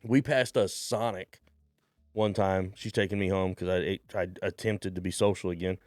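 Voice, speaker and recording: A man's voice: deep voice, moderate pace, no echo, studio quality, soft background music. A man telling a story in casual podcast chat, acting out the people in it and swearing freely. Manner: animated storyteller, acts out voices, swears freely. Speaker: stand-up comedian guest.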